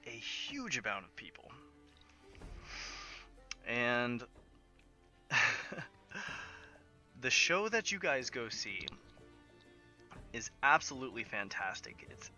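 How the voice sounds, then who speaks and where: A man's voice: medium pitch, lively intonation, takes it slowly, pauses often, sharp tone, faint music behind. A man narrating as game master of a tabletop game, thinking aloud with plenty of hesitant fillers.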